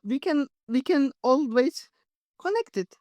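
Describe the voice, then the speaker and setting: A woman receiving a healing session, emotional and tearful, speaking haltingly in as a with many restarts. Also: sits high, lively intonation, a little mellow, no echo.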